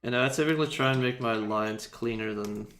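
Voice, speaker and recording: A man's voice: mid-range voice, brisk, echoey room, background noise. A young man co-hosting a livestream, chatting casually and rambling while he works on animation, laughing often. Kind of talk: casual chat while drawing.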